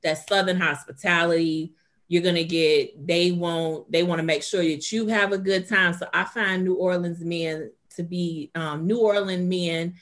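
A woman in casual chat, telling a story in a laid-back, drawn-out way. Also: fairly low pitch, steady tone, fairly bright tone.

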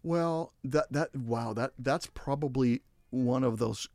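A man speaking as a guest counselor on a podcast, giving relationship advice and acting out quoted voices with big jumps in pitch. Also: slow, a little mellow, no echo.

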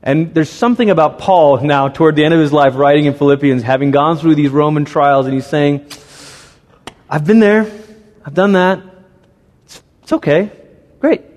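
A man's voice: on the high side, normal speed, long pauses, darkish tone. A man preaching a sermon, telling stories animatedly and acting out characters and animal noises. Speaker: pastor. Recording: long reverb of a large hall.

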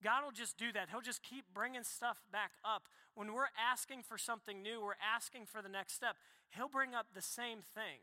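A young man preaching a sermon, casual and animated, full of quick asides. His voice sits high and sounds bright and sharp. The recording carries the long echo of a large hall. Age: young adult. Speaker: pastor. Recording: echoey hall reverb.

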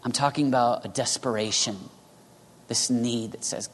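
A man's voice: medium pitch, moderate pace, slight background noise. Male preacher for a sermon in a big reverberant hall; intense, moves from urgent to near-whispered. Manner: passionate, swings from loud urging to hushed whispers. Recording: long reverb of a large hall.

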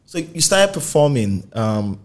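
A man hosting a music podcast, asking short probing follow-up questions in a relaxed interview. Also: medium pitch, unhurried. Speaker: podcast host, music journalist. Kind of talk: conversational interview.

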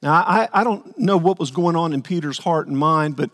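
A man's voice: fairly high pitch, moderate pace, a bit bright. A male pastor preaching a sermon earnestly, repeating words as he builds his points and acting out the quotes. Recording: long hall reverb.

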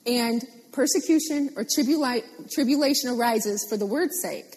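A woman preaching a sermon, animated and playful, repeating phrases for emphasis. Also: on the high side, normal speed, long reverb tail.

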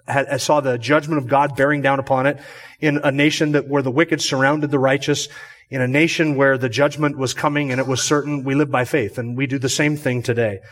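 A man preaching a measured expository sermon as pastor. He repeats phrases for emphasis and lifts his voice on key words. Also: mid-range voice, little pitch movement.

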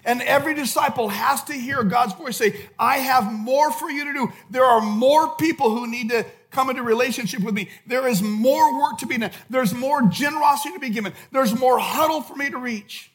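A man preaching a sermon as pastor, impassioned, swinging from loud shouts to hushed intensity. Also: extremely high pitch, moderate pace, few pauses. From California.

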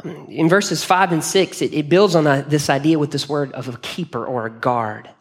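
In a church hall, a pastor preaches a sermon, speaking earnestly and conversationally and often restarting his phrases. His voice is on the high side, at normal speed.

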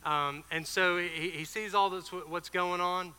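Man preaching, casual sermon storytelling, very bright clear voice, a bit high. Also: steady tone, long reverb tail. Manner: conversational, with fillers and quick asides. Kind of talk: informal sermon retelling a Bible story.

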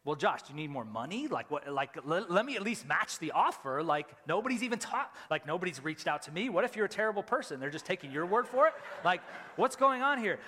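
A middle-aged man, a lead pastor preaching a sermon, telling a personal story and loudly acting out his own reactions. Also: on the high side. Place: church sanctuary. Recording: church hall with long reverb.

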